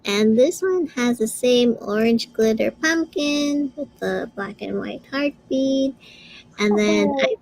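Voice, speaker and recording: Woman crafter, slow and giggly, a bit high-pitched. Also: creaky, a little mellow, poor audio. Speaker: crafter selling her items. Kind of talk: casual live sale chat.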